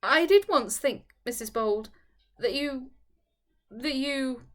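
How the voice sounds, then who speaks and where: A woman voicing Bertie, a lackadaisical, good-natured young gentleman who speaks hesitantly. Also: sits high, expressive, slow pace, voice pushed up. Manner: lackadaisical, imploring.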